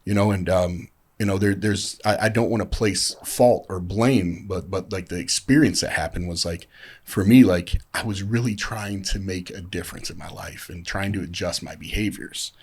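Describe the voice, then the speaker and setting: A man's voice: low voice, moderate pace, slightly rough. A man in casual podcast talk, telling a heartfelt recovery story in a rambling way with many fillers. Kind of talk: casual chat.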